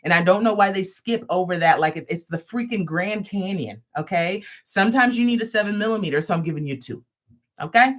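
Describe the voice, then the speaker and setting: A woman's voice: medium pitch, animated, a little fast. A woman hosting a live crochet stream, showing off a product with playful, sassy asides. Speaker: host of a crochet livestream. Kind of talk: live product demo chat.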